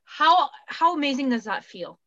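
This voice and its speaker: A woman's voice: high-pitched, sing-song, moderate pace, pushed and bright, dry recording. A woman co-hosting a casual podcast chat, rambling and self-deprecating, with easy swearing. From Canada. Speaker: podcast co-host. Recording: muffled dry home recording.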